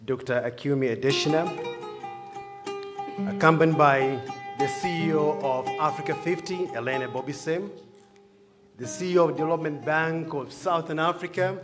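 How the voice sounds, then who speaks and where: A man, a communications director, moderating a formal press conference with ceremonial, upbeat introductions and pauses. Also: fairly high pitch. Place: large conference hall.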